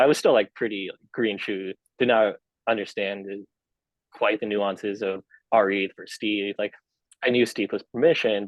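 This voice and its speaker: Low-voiced man, hesitant casual guest. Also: dry recording, poor audio. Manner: rambling, hesitant with frequent fillers and restarts. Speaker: podcast guest. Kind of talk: casual interview chat.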